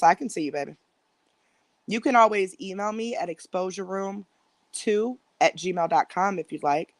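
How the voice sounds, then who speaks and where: A woman's voice: on the low side, no room sound. A woman hosting a casual live stream from home on her phone, rambling and chatting directly with her viewers. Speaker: livestream host.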